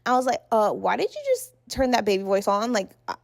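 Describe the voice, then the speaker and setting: A woman's voice: mid-range voice, brisk, gravelly, no echo. A young woman telling a chatty storytime vlog, talking straight to her viewers and acting out what people said. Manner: chatty, addresses viewers as y'all, acts out quotes. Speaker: vlogger. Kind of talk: storytime vlog while getting ready.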